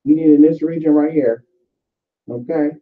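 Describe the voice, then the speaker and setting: A woman's voice: low-pitched, steady tone, normal speed. Profane chatty woman on a tinny recording. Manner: profane, chatty, addresses viewers as y'all. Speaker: spiritual vlogger. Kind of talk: casual spiritual advice and storytelling. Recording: tinny phone-like sound.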